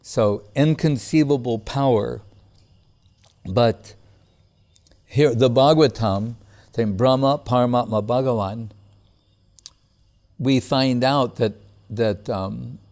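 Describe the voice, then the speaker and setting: A man's voice: medium pitch, takes it slowly, long pauses. Laid-back man giving a spiritual talk. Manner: relaxed and conversational, with frequent "like" and "you know"; chuckles often while speaking. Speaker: spiritual teacher.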